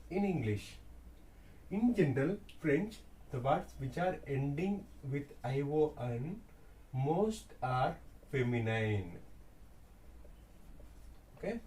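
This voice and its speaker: A man teaching French in a slow classroom explanation, repeating key words deliberately. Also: medium pitch, dark tone, a little hiss or hum.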